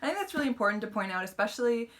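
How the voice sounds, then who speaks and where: A woman's voice: fairly high pitch, big pitch swings, racing, a bit bright. A woman giving a casual, chatty book review, retelling the plot with lots of "like" and fillers.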